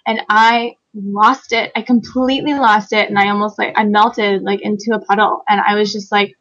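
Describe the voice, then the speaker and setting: A woman guest telling a personal story in a conversational interview, animated, laughing often and acting out quoted lines. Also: fairly high pitch, a little fast, highs cut off. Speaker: guest author.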